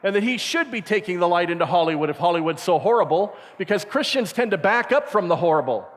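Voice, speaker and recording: A man's voice: high voice, fast talker. A middle-aged man giving a camp sermon, telling stories and acting out the voices in them. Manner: acts out voices in his stories, animated. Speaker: camp speaker. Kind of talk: storytelling sermon. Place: camp meeting hall. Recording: reverberant hall.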